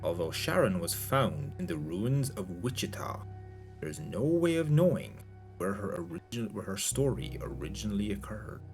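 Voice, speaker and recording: A man's voice: fairly low pitch, big pitch swings, moderate pace, darkish tone, soft background music. A man reading a story aloud in a live stream, narrating steadily and describing gestures. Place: home streaming setup.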